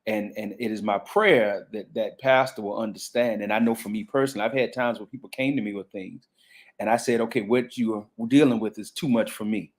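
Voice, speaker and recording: A man's voice: on the low side, fairly even intonation, a little fast. A man, a pastor, talking in a panel conversation in a reflective way with frequent restarts and fillers.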